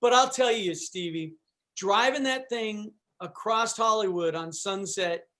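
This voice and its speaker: A man's voice: high-pitched, a little slow, bright, forceful tone. A man, a guest on a chat show, telling a long personal story in a loose, rambling way, full of restarts and asides. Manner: rambling, with restarts and "you know". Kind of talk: casual storytelling.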